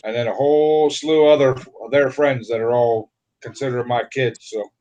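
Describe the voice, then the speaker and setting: A man's voice: mid-range voice, steady tone, moderate pace, mellow, muffled recording. A man co-hosting a casual live stream, joking and teasing the others. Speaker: co-host.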